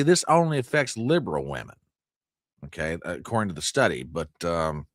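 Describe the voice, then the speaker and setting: A man's voice: lowish voice, animated, normal speed, a bit bright, no echo, studio quality. A man hosting a live news stream, joking with his chat in exaggerated mock outrage. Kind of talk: joking livestream commentary.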